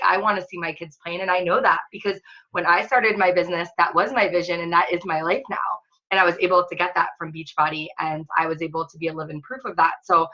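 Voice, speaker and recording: Woman, fitness coach, casual webinar training, chatty, filler-heavy, lowish pitch, muffled recording. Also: bright, forceful tone.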